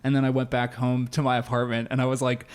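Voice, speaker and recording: Male podcast co-host, mid-range voice, excitable storyteller who laughs a lot. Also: mid-range voice, quick pace, slight background noise. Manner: animated storyteller, laughs often. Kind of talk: casual chat.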